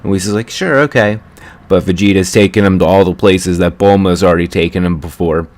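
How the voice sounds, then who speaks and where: A young man giving a rambling, chatty recap of a cartoon episode, correcting himself as he goes. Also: deep voice. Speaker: anime reviewer.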